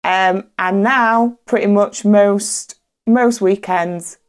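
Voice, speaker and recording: A woman's voice: mid-range voice, fairly even intonation, slow pace, clean tone. A woman, a podcast co-host telling a candid, funny personal story in casual chat. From England.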